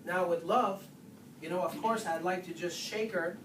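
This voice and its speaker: Animated workshop speaker in a roomy hall. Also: medium pitch, moderate pace. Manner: animated, keeps asking "guess what?". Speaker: chiropractor giving a nutrition workshop. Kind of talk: informal workshop talk to patients. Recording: roomy, distant, faint hiss.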